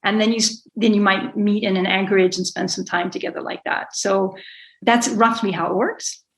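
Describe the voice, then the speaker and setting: Gravelly-voiced woman sailor talking. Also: medium pitch, fairly even intonation, moderate pace, rough recording. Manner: rambling, self-correcting, laughs often. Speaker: guest, sailor and author. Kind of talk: conversational interview.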